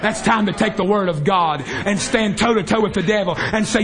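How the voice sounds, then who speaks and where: High-voiced guy preaching at a revival, calls out over and over, all fired up. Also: normal speed, a bit bright. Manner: impassioned, repetitive, calls out to the congregation. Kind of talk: fervent revival sermon. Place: church service.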